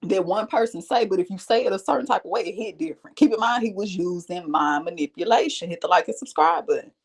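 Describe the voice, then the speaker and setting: A woman's voice: fairly low pitch, quick pace, breathy edge. A woman hosting a reaction video, commenting bluntly and with profanity and throwing questions at her viewers. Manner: rhetorical questions to the audience.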